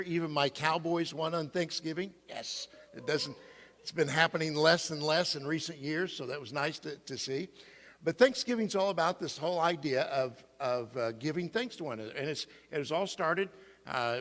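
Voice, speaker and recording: A man's voice: a little high, fairly bright tone. Playful male preacher in a reverberant church. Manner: playful, asks the congregation questions. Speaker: pastor. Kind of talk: sermon. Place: church sanctuary. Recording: long reverb of a church hall.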